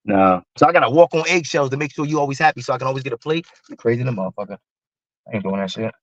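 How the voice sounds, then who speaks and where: A man's voice: mid-range voice, rapid-fire, no echo, lo-fi sound. A man speaking bluntly and heatedly in casual chat, repeating himself for emphasis. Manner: blunt, repetitive, animated street talk.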